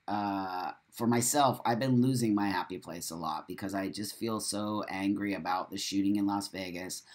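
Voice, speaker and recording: A man hosting a live stream show, reading out viewer comments and talking in an emphatic way, repeating phrases for stress. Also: on the low side. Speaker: host of a live talk show.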